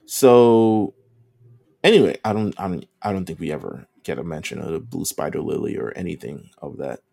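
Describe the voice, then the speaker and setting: A man's voice: extremely low pitch, moderate pace, creaky, dark tone, dry recording. A man co-hosting a podcast, recapping an anime season in casual chat, rambling with lots of ums and casual swearing. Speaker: podcast co-host.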